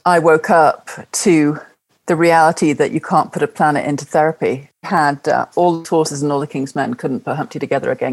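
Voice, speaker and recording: A middle-aged woman, her voice sitting notably low. She speaks as an interview guest, recounting personal experience in an earnest, heartfelt way and returning to key phrases for emphasis. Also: darkish tone. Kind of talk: personal storytelling in conversation.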